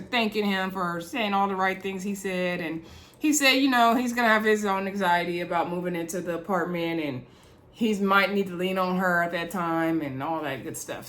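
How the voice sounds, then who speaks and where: A woman's voice: mid-range voice, a bit bright. Chatty woman recapping reality TV. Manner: chatty, laughs often, talks to viewers as y'all. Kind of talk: casual chat to viewers.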